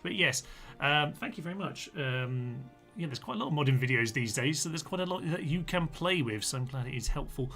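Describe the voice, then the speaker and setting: A man talking through a live strategy game stream, rambling and chatty as he answers viewers' comments. His voice sits at a middling pitch with a bright, forward edge. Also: lively intonation, fairly quick, soft background music. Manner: chatty, reads out chat comments with frequent ums.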